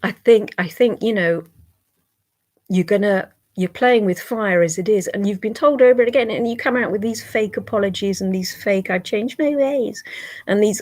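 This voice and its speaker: A woman's voice: mid-range voice, a little mellow. A British woman on a livestream, bluntly scolding and swearing at online trolls.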